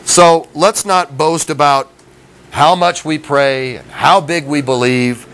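A man's voice: a little high, fairly even intonation, slow, fairly bright tone, low-quality recording. A middle-aged man preaching a sermon in a folksy, conversational way, often asking his listeners questions. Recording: faint background noise.

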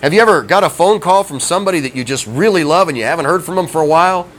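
Racing along with lively intonation, this middle-aged man's voice sits on the high side and sounds a bit bright. He preaches a folksy, conversational sermon full of questions for his listeners. Faint background noise comes through the poor audio.

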